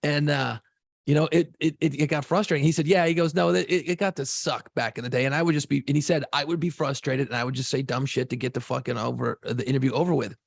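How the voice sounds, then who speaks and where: A man co-hosting a podcast, a former radio DJ telling stories in a casual, profane, animated way. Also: mid-range voice, fast talker, creaky, no echo. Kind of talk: casual chat.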